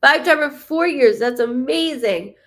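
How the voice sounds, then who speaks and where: A woman hosting a live psychic reading from a warm room with the window open, talking to her viewers in a chatty, rambling way. She is animated and full of fillers and asides. Her voice sits a little higher than most women's. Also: measured pace. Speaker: psychic medium host.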